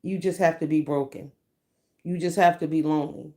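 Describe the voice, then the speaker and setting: Woman, forties, lowish voice, blunt and profane, casual livestream storytelling. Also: fairly even intonation, a little fast, a little mellow. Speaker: livestream host.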